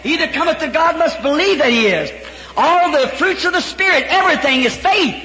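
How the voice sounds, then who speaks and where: Male preacher, high pitched, bright and cutting, fervent storyteller who bursts into shouts, echoing hall. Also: expressive, brisk. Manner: fervent, breaks into shouts and chuckles. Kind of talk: storytelling sermon. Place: large church hall before a congregation. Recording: echoey hall, faint background noise.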